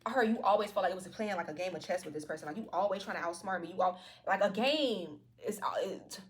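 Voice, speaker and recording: Fast-talking woman giving a tarot reading. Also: medium pitch. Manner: slangy, profane, playful. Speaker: tarot card reader. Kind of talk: casual tarot reading to viewers.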